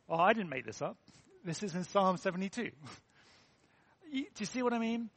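A man's voice: on the high side, animated, brisk. An English man preaching a sermon in an earnest, conversational way, with self-deprecating asides.

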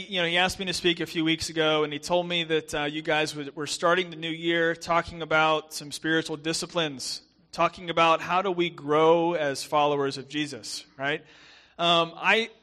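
A young man preaching with a bright, forceful voice set a little high. His softened Southern American accent colors a chatty sermon full of restarts and asides. He often pokes fun at himself. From southern United States. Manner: chatty and self-deprecating, with many fillers and restarts. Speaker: guest pastor.

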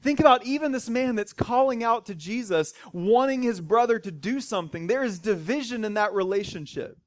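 A man's voice: high voice, animated, fairly quick, dry recording. A man preaching a sermon in a conversational way, retelling a Bible story with wry asides. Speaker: pastor.

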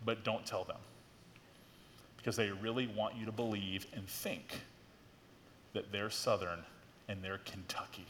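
A middle-aged male pastor preaches in a loose, conversational way, leaning hard on key words. His voice sits at an ordinary middle pitch. The sound carries a long reverb from a church hall. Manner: conversational, animated preaching with frequent "like" and rising emphasis. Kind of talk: sermon. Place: church sanctuary.

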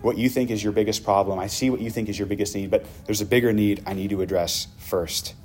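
A pastor voicing a gentle, compassionate teacher who speaks in a hushed, tender tone. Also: male voice, lowish voice, fairly even intonation, fast, soft background music, close to an everyday voice.

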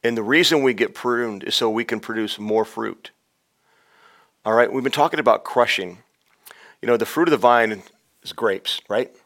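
A man preaching a sermon on a podcast, swinging between loud urgent exhortation and hushed, intimate storytelling. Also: mid-range voice, normal speed, long pauses. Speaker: pastor. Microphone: podcast microphone.

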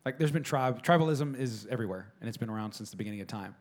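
A man's voice: mid-range voice, animated, fast talker, darkish tone. A man who is a pastor, preaching a casual, joking sermon and talking straight to the congregation. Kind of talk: conversational sermon.

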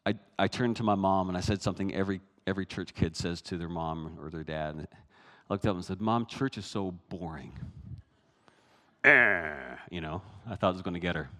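A man preaching a sermon, animated, swinging from hushed asides to loud, high bursts. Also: fairly quick, hardly any pauses, long reverb tail. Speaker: pastor.

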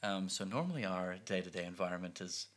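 A man in his thirties telling a family story in a casual, animated way, acting out the lines of the people in it. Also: low-pitched, fast. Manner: animated, acts out quoted lines.

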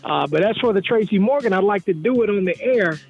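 A man's voice: high-pitched, animated, fast, breathy edge, dull audio, faint music behind. A man, a sketch comedy guest, chatting casually and repeating words as he restarts. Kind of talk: casual chat.

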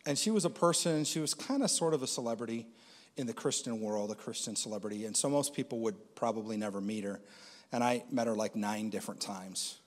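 A man's voice: lowish voice, a little fast. Man telling a testimony, hall reverb. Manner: conversational, with frequent fillers. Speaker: Christian speaker. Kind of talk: personal testimony.

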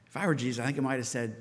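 A man preaching a sermon, telling the story with lively asides and acting out the disciples' voices. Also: mid-range voice, big-room sound. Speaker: pastor.

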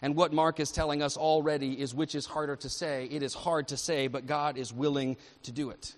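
A man's voice: a little high, flat delivery, a little fast. Man preaching in a reverberant church. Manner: earnest, building intensity toward the close. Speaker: pastor. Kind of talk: sermon. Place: church sanctuary. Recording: reverberant church hall with music behind. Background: music playing.

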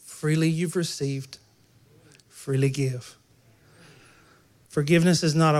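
A man's voice: on the high side, steady tone, slow pace, long pauses, darkish tone. A man preaching a sermon in a church, talking conversationally and joking with the congregation. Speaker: pastor.

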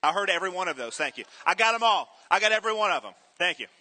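A man's voice: high voice, racing. A man preaching a sermon, telling stories with energy and asking the congregation questions. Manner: animated storytelling, asks the congregation questions. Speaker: pastor.

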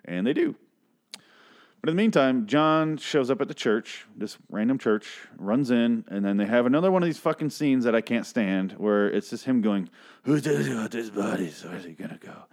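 A man's voice: mid-range voice, lively intonation, normal speed, darkish tone. A man casually ranting through a TV episode recap, sarcastic and swearing often, drifting into tangents.

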